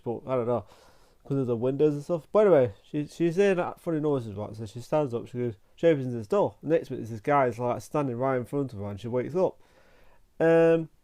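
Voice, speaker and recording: Male channel host, casual film review, mellow warm tone, meandering delivery full of restarts. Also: medium pitch. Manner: rambling and halting, with frequent restarts and "like" fillers.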